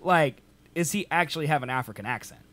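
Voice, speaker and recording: Young male co-host, bright tense tone, quick to laugh and tease. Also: fairly high pitch, soft background music. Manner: laughing often, teasing, animated. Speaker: podcast co-host. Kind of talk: casual chat.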